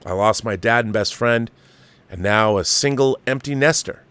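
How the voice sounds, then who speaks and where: A man's voice: on the low side, moderate pace, a bit bright, clean tone, dry recording. A man hosting a show, casually reading a viewer's letter aloud and breaking in with his own asides. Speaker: host reading viewer mail. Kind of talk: casual chat.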